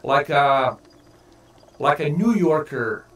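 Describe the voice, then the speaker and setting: A man's voice: fairly high pitch, lively intonation, slow, fairly bright tone. Man rambling casually on a game stream. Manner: rambling, profane, many fillers and restarts. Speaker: gaming streamer.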